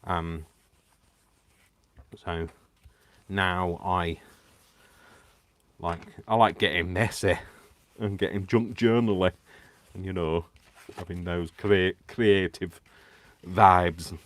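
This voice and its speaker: Hosting a live crafting stream from home, a man with a low, deep voice chats casually, giddy and rambling, restarting sentences and turning to viewers. He laughs to himself and teases himself, speaking slowly with fairly even intonation and long pauses.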